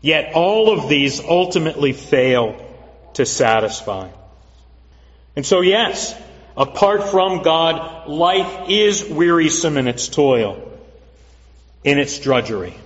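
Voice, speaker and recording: A man preaching a sermon as pastor, earnest and measured, repeating phrases for emphasis. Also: a little high, big pitch swings. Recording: dull lo-fi recording with long hall reverb.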